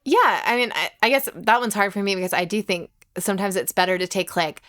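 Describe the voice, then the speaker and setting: A woman co-hosting a casual church podcast, chatty and quick to laugh. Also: mid-range voice, expressive, a bit bright. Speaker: podcast co-host.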